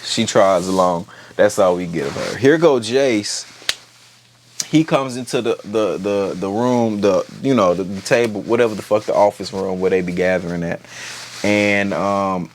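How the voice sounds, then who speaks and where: A TV recap host with a lowish voice gives a casual, joking rundown of a show, packed with slang and swearing. He's animated and profane, speaking at a moderate pace over slight background noise.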